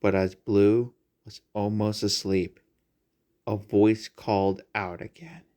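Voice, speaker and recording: A man reading a fan-made animal story aloud in a plain, steady way. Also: on the low side, slow pace. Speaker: narrator.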